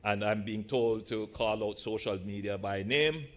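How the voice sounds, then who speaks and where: A man from Jamaica, a politician giving a measured, deliberate speech to a live audience in a large church hall, with playful asides. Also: on the low side, slight background noise.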